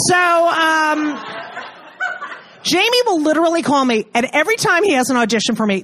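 A woman's voice: high voice, a bit bright, a little hiss or hum. A woman in her thirties doing a stand-up comedy set, brash and profane, acting out the people in her story. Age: 30s. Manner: brash, profane, acts out characters in quick asides. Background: audience laughter.

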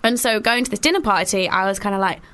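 A woman's voice: medium pitch, fast, sharp tone, clean tone. Chatty giggly woman hosting radio. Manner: chatty, giggly, lots of fillers. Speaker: radio host. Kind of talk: casual chat. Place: radio studio.

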